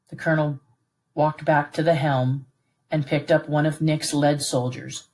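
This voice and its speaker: A woman narrating a novel aloud in a steady, clear, unhurried reading voice. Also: sits low.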